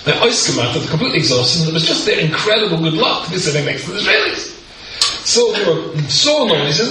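A middle-aged British rabbi telling a humorous anecdote to an audience, acting out the people in it. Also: male voice, a little high, quick pace, a crowd in the background. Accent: British English. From Britain. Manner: animated storyteller, acts out the people in the story. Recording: very roomy echo, speaker far from the mic, faint ambience.

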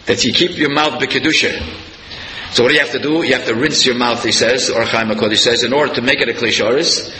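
A man giving a sermon-style Torah lecture, telling stories and jumping up in pitch for emphasis. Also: fast, a crowd in the background. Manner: animated storyteller, voice leaping up for emphasis. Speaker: rabbi giving a Torah class. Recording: echoey hall, faint room noise.

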